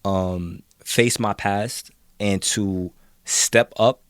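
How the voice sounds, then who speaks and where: Deep-voiced man speaking from the heart. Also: fairly even intonation, clean tone, dry recording, clean studio sound. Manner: reflective and heartfelt, halting with fillers. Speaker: podcast guest. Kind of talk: casual podcast chat.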